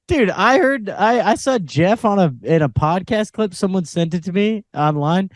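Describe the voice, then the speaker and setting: A man's voice: high-pitched, expressive, unhurried, dry recording. Young man in laughing podcast banter. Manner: laughing often, dry teasing. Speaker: podcast co-host. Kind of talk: casual late-night podcast banter.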